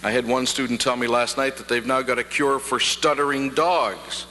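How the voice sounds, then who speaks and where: A middle-aged man gives a formal convocation address, with measured pacing and touches of dry wit. His voice is bright and clear. It is a 1990 archive recording with a long hall echo and a faint hum underneath. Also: mid-range voice, fairly even intonation. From Prince Edward Island, Canada. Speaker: convocation speaker. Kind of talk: formal ceremonial address with jokes. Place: large hall.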